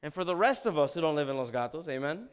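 A male pastor preaching a sermon, animated, asking the congregation questions and acting out the scripture. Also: fairly high pitch, fast, smooth. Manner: animated, asks the congregation questions, dramatizes quotes.

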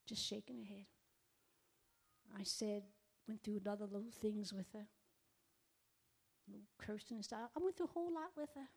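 A middle-aged woman giving an emotional testimony in a sermon, swinging from loud outbursts to hushed whispers and speaking directly to her listeners. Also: mid-range voice, normal speed, gravelly, long pauses, husky. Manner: repeats herself, addresses the audience directly.

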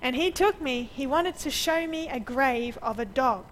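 A woman preaching a sermon, telling lively stories over slides and laughing often. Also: high voice, moderate pace, slight background noise, rough recording. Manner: lively anecdotal storyteller who laughs often.

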